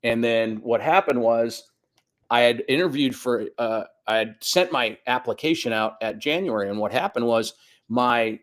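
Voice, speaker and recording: A man in his fifties tells a long personal story in a relaxed, chatty way. He slips into the voices of the people he quotes and keeps the telling lively. His voice sits at an ordinary middle pitch. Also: normal speed. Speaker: guest soccer coach. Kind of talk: casual storytelling interview.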